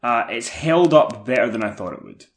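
A man's voice: medium pitch, lively intonation, moderate pace. A man, co-hosting a casual podcast chat in a dry, understated way. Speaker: podcast co-host. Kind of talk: casual chat recapping wrestling.

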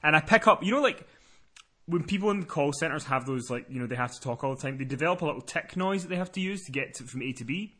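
A young man tells a rambling story on a podcast. He is animated and profane, and his pitch rises and falls widely. His voice is slightly high and bright. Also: fast talker. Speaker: podcast host. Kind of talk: casual storytelling chat.

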